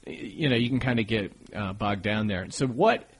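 A man's voice: fairly low pitch, animated, normal speed, breathy edge. A man interviewing a comedian in a casual, joking way, laughing often and rambling through his questions.

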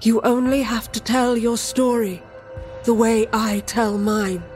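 A woman's voice: a little high, level tone, slow, darkish tone, soft background music. A woman voicing an ancient undead witch with a dusty, aged voice in an audio drama. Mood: commanding. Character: ancient undead female witch, menacing and calm.

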